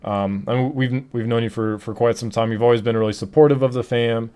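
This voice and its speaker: Male podcast host, casual and rambling, mid-pitched. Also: fairly even intonation, a little fast, dark tone, clean tone. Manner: rambling, many fillers and restarts. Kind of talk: casual chat.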